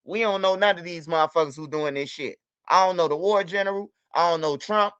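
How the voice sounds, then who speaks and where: Male stream host, high and bright, profane and repetitive; dry, slightly muffled mic. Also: a little fast, clean tone, no room sound. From United States. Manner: loose, profane, repetitive street talk. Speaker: livestream host. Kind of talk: casual livestream talk.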